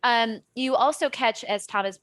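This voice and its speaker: A woman's voice: on the high side, moderate pace, a bit bright, dry recording. A woman narrating a tabletop game as game master, in a loose, chatty way with many fillers.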